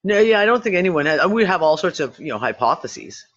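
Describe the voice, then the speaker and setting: A man's voice: on the high side, sing-song, brisk, a bit bright, dull audio. A man hosting a casual online discussion, rambling and swearing freely as he talks. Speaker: host.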